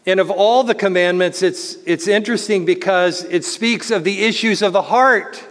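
A man preaching a sermon in an earnest way, slowing down to stress key words. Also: sits high, fairly bright tone. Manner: earnest preaching, slows to stress words, speeds up voicing others. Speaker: pastor. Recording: long hall reverb.

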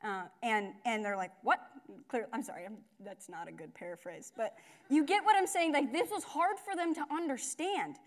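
A woman's voice: on the high side, normal speed. A young woman giving a casual, conversational sermon with lots of fillers and asides. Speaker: speaker at a church gathering.

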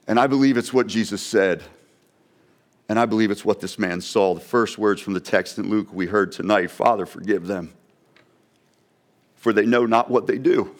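A man preaching a sermon, dramatically voicing an onlooker's wondering questions. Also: medium pitch. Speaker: pastor.

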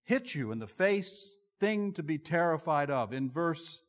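A middle-aged male pastor preaching a sermon in an expressive, conversational and self-deprecating way. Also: on the high side, measured pace. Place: church sanctuary. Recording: long reverb of a large hall.

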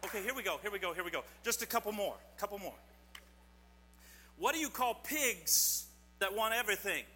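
A man's voice: high-pitched, expressive, a little fast, bright, forceful tone. A man giving a children's sermon in a church, telling corny jokes and quizzing his audience in a playful, teasing way. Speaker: pastor giving a children's message. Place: church sanctuary. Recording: long church hall reverb, faint mains hum.

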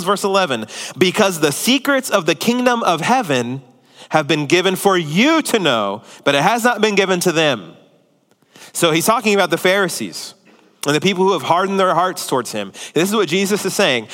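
A man in his thirties, a pastor preaching a sermon with humorous storytelling and lively shifts in loudness. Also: high-pitched, a little fast. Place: church hall. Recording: reverberant church hall.

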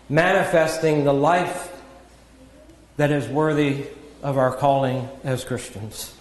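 A man preaching a sermon in a measured, earnest teaching manner, with self-deprecating asides. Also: a little high. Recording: echoey hall with long reverb.

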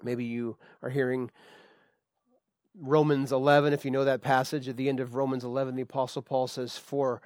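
A man preaching a sermon as pastor, reading scripture slowly with emphasis and often restarting his phrases. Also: medium pitch, level tone, a little mellow, dry recording, studio quality.

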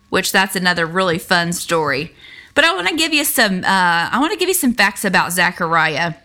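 A woman's voice: mid-range voice, sharp tone. A woman giving a casual, earnest Bible lesson, reading scripture aloud and talking it over with many fillers and restarts. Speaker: Bible study teacher.

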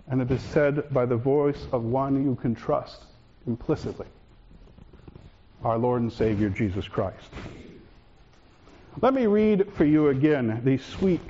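A man preaching a sermon as pastor, swinging between raised, urgent lines and hushed, calm ones. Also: medium pitch, highs cut off, a little hiss or hum.

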